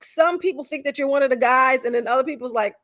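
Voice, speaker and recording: A woman's voice: high-pitched, quick pace, a bit bright, no echo, clean studio sound. A woman guest on a podcast, chatting casually, giggly and teasing. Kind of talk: casual chat.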